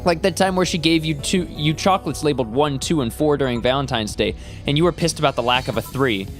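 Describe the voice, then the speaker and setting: A man's voice: fairly high pitch, fast talker, faint music behind, close to an everyday voice. A man voicing an anxious young woman who remembers her late sister, reading her lines in a hesitant, wistful way.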